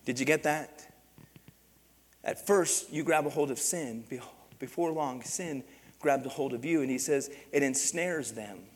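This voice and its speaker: A man preaching a sermon as pastor, with emphatic repetition and direct calls to the congregation. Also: mid-range voice. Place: church sanctuary. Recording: long reverb of a church hall.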